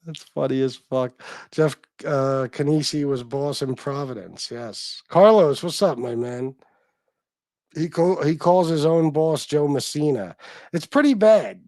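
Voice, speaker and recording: Chatty, swearing New livestream host. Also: male voice, a little high, darkish tone, no echo. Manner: chatty, swears freely, reads and answers chat. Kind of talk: casual livestream chat.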